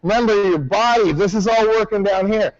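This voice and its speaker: A man's voice: high-pitched, brisk, no echo, highs cut off. Commanding martial arts instructor, man. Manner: commanding, drills with sharp counts. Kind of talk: class instruction.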